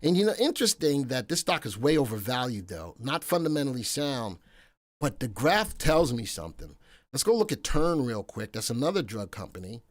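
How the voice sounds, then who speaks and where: A man's voice: medium pitch, very animated, normal speed, no room sound. A man hosting a live stock market show, talking casually and wandering into joking asides. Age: adult, past military service.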